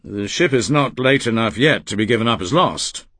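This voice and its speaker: A man reading as a measured, kindly older businessman. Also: mid-range voice, expressive, husky, no echo. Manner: measured, gentle. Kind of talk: audiobook character reading.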